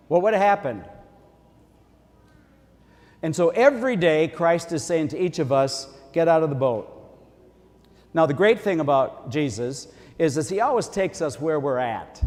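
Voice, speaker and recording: A man's voice: fairly high pitch, darkish tone. Folksy priest guy giving a homily, chatty and homespun, big church echo. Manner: folksy, conversational preaching. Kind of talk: sermon. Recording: long church reverb.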